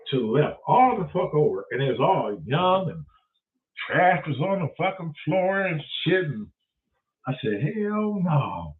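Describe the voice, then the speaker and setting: A man from telling a comic story, cursing freely and acting out the other people's voices. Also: mid-range voice. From Detroit, USA. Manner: profane, animated, acts out voices of others. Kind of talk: comedic storytelling. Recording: tinny phone-like sound from a distance.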